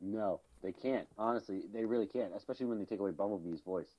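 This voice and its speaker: A man's voice: on the low side, quick pace. A man co-hosting a podcast, rambling through casual chat with fillers, restarts and swearing. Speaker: podcast co-host. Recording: slightly dull lo-fi sound.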